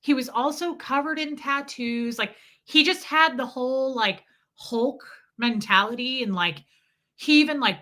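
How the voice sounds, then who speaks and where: Midwest woman live streaming, sarcastic rant to chat, bright voice. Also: on the high side, normal speed. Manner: sarcastic, ranting, throws in mocking impressions.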